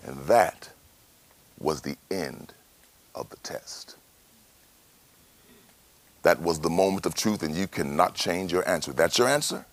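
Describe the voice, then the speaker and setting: A man's voice: low voice, slow pace, long pauses, dry recording. A man preaching a sermon as pastor, dramatic, with rhetorical questions.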